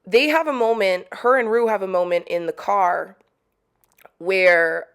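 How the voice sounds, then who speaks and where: A young woman chatting casually to camera about a TV episode, animated and slangy. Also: mid-range voice, measured pace, echoey room. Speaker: video creator reviewing a TV episode.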